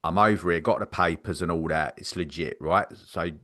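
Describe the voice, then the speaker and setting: A man's voice: deep voice, fairly quick, pushed and bright, pitched below the performer's own voice. A man voicing a tough ex-con who bluntly asks for work on a prank call.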